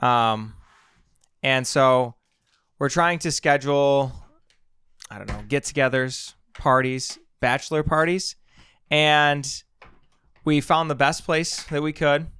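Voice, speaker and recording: Smooth-voiced young man steering a podcast. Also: mid-range voice, steady tone, slow pace, long pauses, a bit bright, dry recording. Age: young adult. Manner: dry, wry, steering the conversation. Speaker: podcast co-host. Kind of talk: casual podcast chat.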